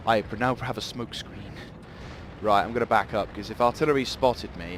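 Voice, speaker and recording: A man's voice: on the low side, steady tone, normal speed, background noise. A man giving live gameplay commentary, rambling and swearing in sudden outbursts.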